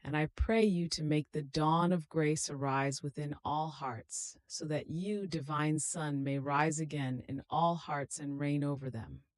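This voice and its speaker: A woman reading a devotional meditation aloud in a slow, solemn, prayerful manner. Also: sits low, dry recording. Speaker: devotional reader.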